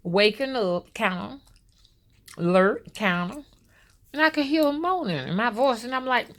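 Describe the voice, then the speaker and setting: A woman's voice: on the high side, lively intonation, measured pace, a bit bright. A woman, a spiritual rootworker talking loosely and directly to her viewers. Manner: loose, storytelling, addresses viewers as y'all. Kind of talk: casual spoken monologue to viewers.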